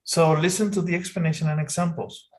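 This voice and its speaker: Patient tutor with an even voice. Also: mid-range voice, fairly quick. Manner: patient, guiding prompts. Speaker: English tutor. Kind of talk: teaching an online lesson.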